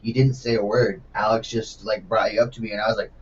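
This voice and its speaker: A man hosts a relaxed podcast chat, throwing in quick questions and casual swearing. He is heard from a little way off the mic, and the sound comes across dull and lo-fi. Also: lowish voice, recorded from a distance. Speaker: podcast host.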